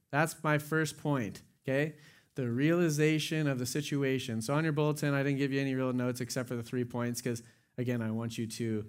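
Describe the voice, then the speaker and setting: A young man, a pastor, telling a funny personal story in a loose, chatty way before moving into a sermon. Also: medium pitch. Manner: casual, storytelling with laughs and quoted dialogue.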